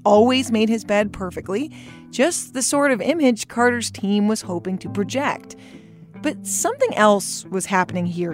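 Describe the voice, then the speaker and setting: A woman narrates a documentary story from a script. Her delivery is conversational with dry asides. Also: mid-range voice. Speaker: podcast host and narrator.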